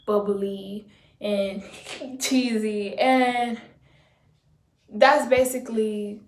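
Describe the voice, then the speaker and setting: A young woman with a low, laid-back voice, telling a blunt, slangy, swearing story about quitting her job in a casual vlog. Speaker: vlogger. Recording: roomy echo.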